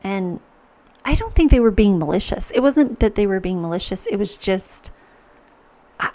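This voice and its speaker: A woman's voice: medium pitch, lively intonation, normal speed, warm tone. A woman hosting a podcast, speaking earnestly in a reflective personal monologue, with many restarts as she acts out her own thoughts. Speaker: podcast host.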